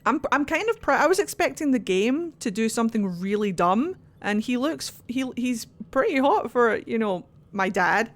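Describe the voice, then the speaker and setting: A woman's voice: a little high, expressive, moderate pace, hardly any pauses. Playful woman streaming a game. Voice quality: playful, swears freely, silly voices. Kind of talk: casual let's-play commentary.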